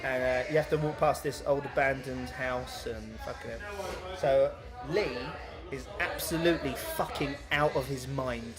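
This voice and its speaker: A man's voice: mid-range voice, measured pace, over music. A young British man, a podcast co-host, telling a crude story in casual chat, swearing a lot and acting out the voices. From Britain. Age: young adult.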